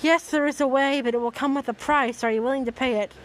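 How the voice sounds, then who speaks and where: A woman voicing a solemn, fatherly male god creature, with a slow, measured read-aloud delivery. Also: sits high, steady tone, close to an everyday voice.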